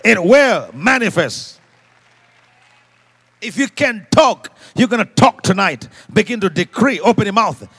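A man preaching a sermon to a live congregation, leading call-and-response and swinging from quiet asides to shouted exhortations. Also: sits high, lively intonation, measured pace, breathy edge. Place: church service before a congregation.

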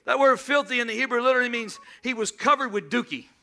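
A male pastor preaching a humorous sermon in church, shouting at times and calling for responses from the congregation. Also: very high voice, quick pace, creaky.

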